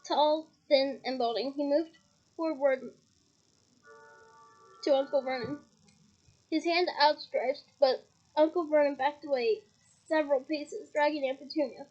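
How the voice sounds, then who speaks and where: Female reader, high voice, playful storybook reading, muffled lo-fi recording. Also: fairly even intonation, measured pace, pauses often, a little mellow. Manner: chatty, giggly asides between passages. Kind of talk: reading a novel aloud with asides.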